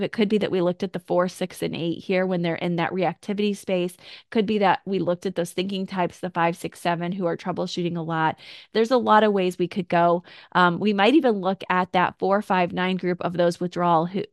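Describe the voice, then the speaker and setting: A woman's voice: lowish voice, dry recording, clean studio sound. A woman hosting a podcast, talking through personality traits in a reflective, conversational way and acting out quoted thoughts. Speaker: podcast host. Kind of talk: casual teaching talk.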